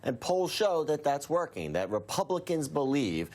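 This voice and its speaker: A man who is a newspaper political reporter, speaking in a measured way with hesitant restarts on a studio news panel. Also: on the high side, big pitch swings, darkish tone. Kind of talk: cable news panel talk.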